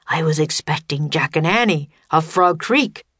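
A woman voicing a huge, gruff, one-eyed bearded wizard who speaks slowly and scornfully in a storybook reading. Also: lively intonation, a bit bright, no echo, full character voice. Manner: booming and slow.

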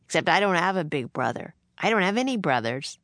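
A woman reading aloud and voicing a steady, caring young boy who speaks calmly and softly. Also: fairly low pitch, brisk, no echo. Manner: calm, soft-spoken.

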